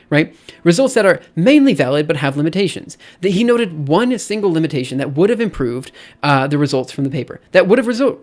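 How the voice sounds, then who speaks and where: A man with a fairly high, slightly mellow voice streams himself reading a research paper and ranting about it. He sounds exasperated, keeps repeating himself, and restarts often in his casual commentary.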